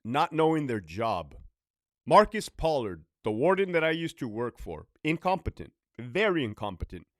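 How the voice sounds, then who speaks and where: A man in a casual storytime monologue, ranting bluntly with plenty of swearing and repetition. His pitch swings up and down a lot as he talks. The sound is dry and close. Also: big pitch swings, moderate pace, no echo. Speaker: former prison officer.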